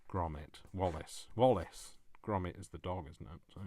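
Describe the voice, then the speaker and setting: Man, low voice, crafting host, self-mocking chatter, faint clicks under him. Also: normal speed, dark tone, slight background noise. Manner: chats to himself, scolds himself by name; jokey, self-mocking, chuckles. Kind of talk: casual crafting vlog talk.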